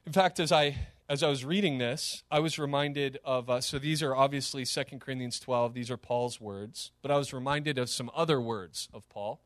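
A man preaching a sermon as pastor, animated and emphatic, with sudden rises and drops in his delivery. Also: mid-range voice, moderate pace, hardly any pauses, no echo, studio quality.

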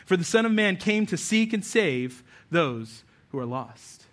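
A male pastor preaching a sermon, telling stories with animated delivery and little character voices. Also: high-pitched, unhurried. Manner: animated storytelling, voices for figures.

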